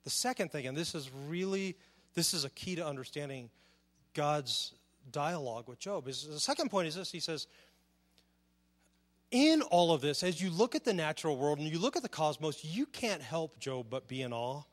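A man preaching a sermon, animated, full of rhetorical questions, often repeating words as he searches for the next one. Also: fairly high pitch, normal speed, in a large hall. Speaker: pastor.

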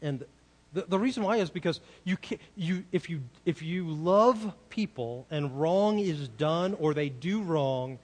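Man, preacher, fairly high voice, earnest sermon, long hall reverb. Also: animated, measured pace. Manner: earnest, asks rhetorical questions.

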